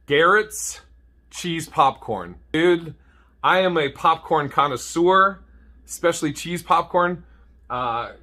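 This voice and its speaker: A man's voice: a little high, pushed and bright. A man telling comedic stories to camera, swearing freely and laughing at his own jokes.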